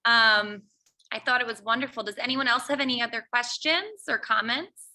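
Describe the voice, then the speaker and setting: A woman's voice: fairly high pitch, moderate pace, sharp tone. A woman hosting and moderating a talk, upbeat and effusive as she thanks the guest and calls for questions. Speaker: host.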